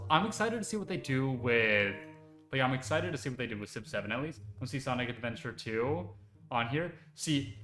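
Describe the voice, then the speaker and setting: A man streaming live, chatting casually and excitedly, rambling with lots of fillers. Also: mid-range voice. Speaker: VTuber streamer. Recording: echoey room with faint music behind.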